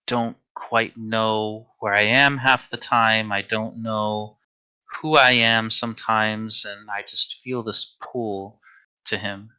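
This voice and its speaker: A man voicing a soft, sweet young woman who is pale and weary, speaking gently and hesitantly. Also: lowish voice, clean tone, no echo, heavily acted.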